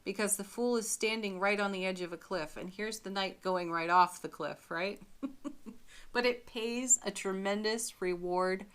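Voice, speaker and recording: A woman giving a spiritual tarot reading to her viewers, speaking gently and often breaking into soft little laughs. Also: medium pitch, a little slow, clear, resonant tone. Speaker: tarot reader.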